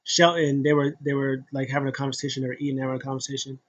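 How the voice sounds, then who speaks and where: A man's voice: mid-range voice, level tone, very fast, dull audio. A man casually recapping a wrestling show, rambling with many fillers and restarts and acting out what people said.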